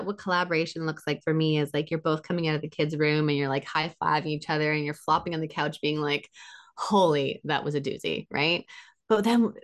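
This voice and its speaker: A woman giving relationship advice in a conversational interview, animated and acting out what partners say, with frequent laughs. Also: low-pitched. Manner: animated, acts out quoted partners, laughs often. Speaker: relationship expert guest.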